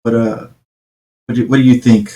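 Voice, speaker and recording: Man, host, livestream chat, relaxed, joking, mid-pitched voice. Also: moderate pace, muffled recording. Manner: relaxed, laughs easily, joking.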